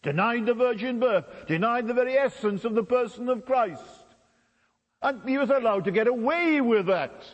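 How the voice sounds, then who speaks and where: British-born preacher guy, sermon, big pitch swings, echoey hall. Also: lively intonation, normal speed, dull audio. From Britain. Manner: emphatic, with sweeping pitch swings.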